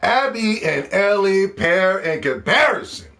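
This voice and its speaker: A man delivering a loud, profane, mocking rant as a gaming commentator. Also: high voice, animated, measured pace. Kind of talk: ranting video commentary.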